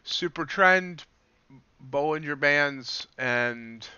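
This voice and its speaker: Guy livestreaming his trades, laid back, reads chat, crisp bright voice, kinda muffled dry audio. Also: on the high side, extremely slow, no room sound. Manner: relaxed, thinks aloud, answers chat. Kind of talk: casual live-stream commentary.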